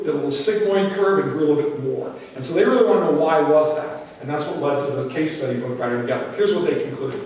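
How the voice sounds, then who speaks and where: A middle-aged man giving a storytelling talk at a church conference, animated and fond of anecdotes. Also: a little high, slight background noise. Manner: storytelling, animated, acts out quoted voices. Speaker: conference speaker. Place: large hall. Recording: echoey hall, distant mic.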